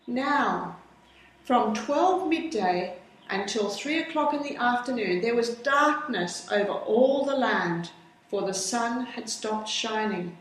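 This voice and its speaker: Slow woman reading a Bible story. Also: fairly high pitch, slight background noise. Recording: very echoey room.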